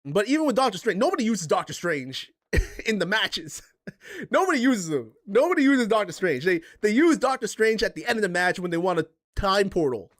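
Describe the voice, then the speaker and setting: A man's voice: high-pitched, very animated, moderate pace, fairly bright tone. A man hosting a livestream, ranting casually and profanely, with rambling restarts. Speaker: streamer and podcast host.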